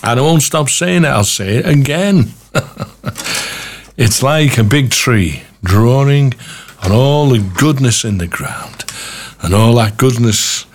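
An enthusiastic man hosting a radio music show, his voice husky and slightly rough. He speaks slowly, his pitch rising and falling in a lively way. He rambles a little as he talks straight to his listeners.

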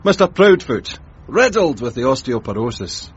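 A gossipy, easily charmed shop assistant in a radio comedy. His husky voice is fairly high and lively, and the recording is dull and lo-fi. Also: normal speed. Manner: gossipy and chatty. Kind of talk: radio sitcom acting.

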